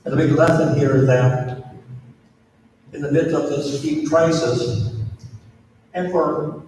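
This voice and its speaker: A male priest from Minnesota tells a story to a crowd, drawing it out slowly with long pauses and repeated words. His voice sits a little high for a man. It rings through a big reverberant hall from well away from the mic. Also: fairly even intonation, a little mellow, recorded from a distance, slight background noise. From Minnesota, USA. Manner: slow, deliberate, with dramatic pauses and repetition. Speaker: priest giving a talk. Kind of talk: storytelling speech to an audience. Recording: echoey hall, voice heard from afar.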